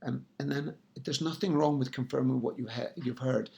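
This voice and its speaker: A man's voice: medium pitch, a little fast, creaky, few pauses, darkish tone. A man giving direct sales coaching tips in an instructional talk. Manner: coaching, direct, frequent "yeah, right?". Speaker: sales trainer.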